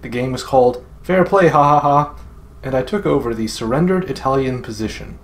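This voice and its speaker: A man's voice: medium pitch, a little fast. A man hosting a game commentary video, casually introducing it with self-deprecating jokes. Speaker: channel host and game commentator.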